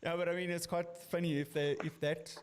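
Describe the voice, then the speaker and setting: A man's voice: on the high side, little pitch movement, brisk, a little hiss or hum. A man as a guest in a casual podcast chat, thoughtful, agreeing often and circling back to his point.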